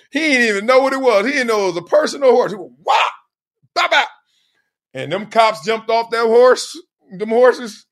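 A middle-aged man hosts a podcast, telling a comic story in an animated way, laughing often and acting out quoted voices. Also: very high voice. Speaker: podcast host. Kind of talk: comedic storytelling monologue.

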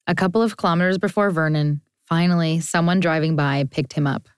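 A woman narrates a documentary story in a low, calm voice, close and dry. Her reading is measured and scripted. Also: clear, resonant tone, no echo. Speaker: narrator, speaker's daughter.

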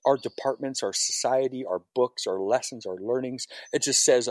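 A man's voice: mid-range voice, moderate pace, few pauses, no room sound. A firefighter being interviewed, telling his story in a raw, emotional way with frequent swearing. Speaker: firefighter guest. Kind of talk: personal story on a podcast.

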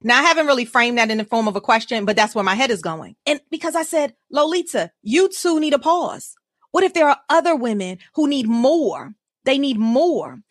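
A woman hosting a live motivational show, talking to her audience in an energetic, emphatic way and hyping them up. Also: on the high side, fairly quick, no echo, clean studio sound. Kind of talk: motivational live-stream talk.

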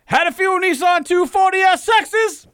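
A man voicing a blustery, pompous Southern rooster gentleman with a booming drawl while reading a listener email. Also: moderate pace, no echo. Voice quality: booming, drawling, overly formal.

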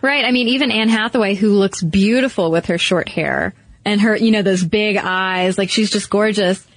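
An animated woman co-host chatting casually at a middle pitch. She peppers her talk with "like". The recording is dry and close. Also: normal speed, dry recording. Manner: animated, lots of "like" fillers. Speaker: podcast co-host. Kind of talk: casual chat.

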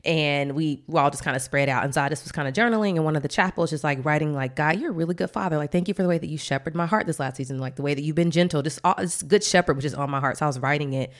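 A woman in her thirties, co-hosting a podcast, telling a faith story in animated, casual chat. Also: sits low, racing, hardly any pauses. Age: 30s. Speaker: podcast co-host.

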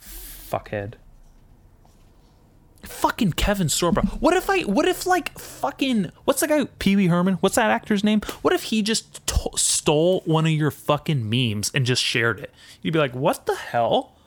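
A man's voice: high voice, big pitch swings, normal speed, hardly any pauses. A man ranting in a rambling, foul-mouthed monologue as a podcast host, mixing indignation with self-deprecating asides. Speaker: podcast host and aspiring comedian.

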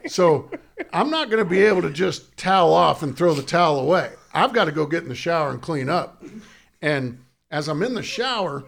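A man's voice: fairly high pitch, normal speed, vocal fry. A middle-aged man, a former ballplayer, telling a story in casual chat and laughing through it. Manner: laughs through his own story, animated. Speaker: former pro baseball first baseman, guest.

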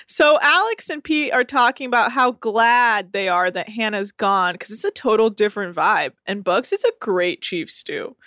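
A woman's voice: medium pitch, lively intonation, moderate pace, few pauses, fairly bright tone, no echo, studio quality. A woman co-hosting a podcast, chatting animatedly and acting out what people said. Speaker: podcast co-host. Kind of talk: casual chat recapping a reality show.

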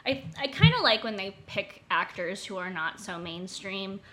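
Bright young woman rambling on a podcast, lots of likes, faint hiss behind. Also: mid-range voice, lively intonation, normal speed. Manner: chatty, heavy use of "like". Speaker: podcast co-host. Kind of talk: casual chat.

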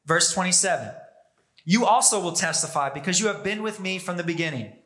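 A man preaching a sermon as pastor, emphatic, pushing his pitch and pace up and down for emphasis. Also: expressive, fairly quick, fairly bright tone.

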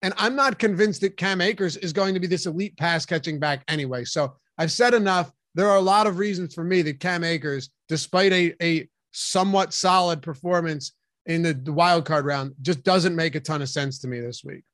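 A man's voice: fairly high pitch, normal speed, fairly bright tone, no room sound, studio quality. A man co-hosting a fantasy football strategy show, making emphatic arguments about which players to avoid. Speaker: co-host. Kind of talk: fantasy football analysis chat.

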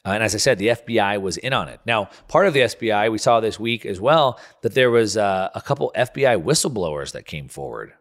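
A man's voice: on the low side, lively intonation, fairly quick, few pauses. A man hosting a talk show, ranting through political commentary with frequent restarts. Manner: heated, restarting and stumbling over words. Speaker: radio show host.

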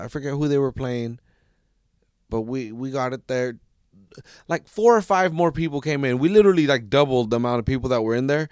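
Profane rambling man, smooth dry voice. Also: mid-range voice, no echo. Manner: profane, rambling, animated, with many restarts. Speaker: soccer fan podcaster. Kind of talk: casual solo rant.

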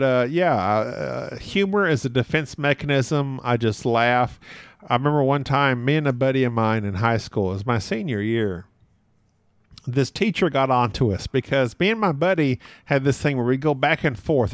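A man's voice: mid-range voice, lively intonation, normal speed, no echo. A man appearing as a podcast guest who tells stories in a loose, chatty way, laughing often mid-sentence and poking fun at himself. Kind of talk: casual conversational storytelling.

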